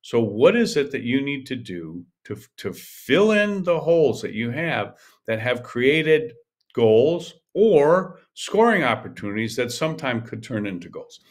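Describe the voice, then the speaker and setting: A man's voice: medium pitch, sing-song, a little slow. An older man hosting a podcast, coaching in an emphatic, repetitive monologue that often restarts mid-sentence. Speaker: podcast host, golf coach.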